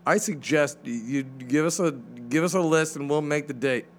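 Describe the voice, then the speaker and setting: A man co-hosting a casual podcast, loud and stubborn, rambling as he argues. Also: on the high side, normal speed, a little hiss or hum. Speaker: podcast co-host.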